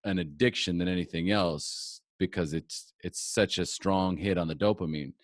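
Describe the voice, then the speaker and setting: A man hosting a podcast interview as a coach, talking in a halting way with frequent restarts and tag questions. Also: low-pitched, no echo, studio quality. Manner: halting, restarts often, tags "right?". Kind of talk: casual interview conversation.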